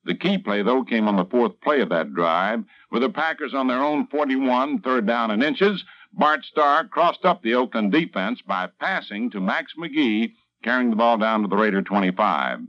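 A man reads a radio sports report with brisk, emphatic delivery. His pitch swings widely as he recaps the game. The sound is dull and lo-fi, like a vintage radio broadcast. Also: a bit bright.

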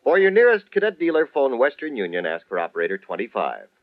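A man's voice: mid-range voice, huge pitch swings, fast talker, no echo. A male radio announcer reads his script with a bouncy, sing-song lilt. The sound is dry and close. It has the narrow, tinny quality of an old broadcast.

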